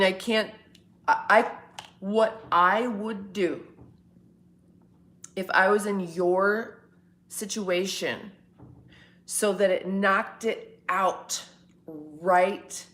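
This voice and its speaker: A woman's voice: medium pitch, steady tone, very slow, pauses often, a bit bright. A woman hosting a casual morning livestream from home, rambling and chatting back to viewers' comments. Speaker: livestream host. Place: home, indoors.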